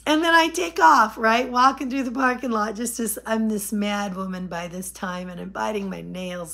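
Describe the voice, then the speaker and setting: A woman in her late fifties tells a personal story to her camera in an easy, chatty way. She keeps laughing through it and puts on little voices for what she and others said. Her pitch sits in the middle for a woman. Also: normal speed, gravelly, few pauses. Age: 50s. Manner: animated, laughing often, acting out quotes. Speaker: vlogger. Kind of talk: casual storytelling.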